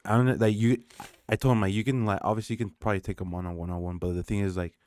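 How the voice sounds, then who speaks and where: A man co-hosting a podcast chats in a loose, rambling way. His voice is low and mellow, and he talks quickly. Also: fairly even intonation. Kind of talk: casual chat.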